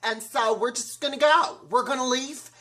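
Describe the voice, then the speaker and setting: A man voicing a firm, businesslike woman who runs a real-estate office, giving measured and pointed advice. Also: very high-pitched, sharp tone.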